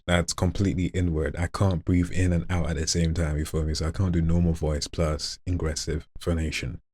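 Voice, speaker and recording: A man's voice: low voice, flat delivery, fairly quick, noisy background. A young man, a voice actor, casually explaining and demonstrating vocal techniques in a playful way. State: throat strained. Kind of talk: casual voice-acting demo vlog.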